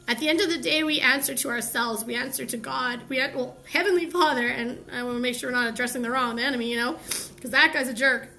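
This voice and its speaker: A woman's voice: fairly high pitch, fast, creaky, few pauses, sharp tone, soft background music. A young woman hosting a live stream, giving a candid, heartfelt motivational talk with slangy asides.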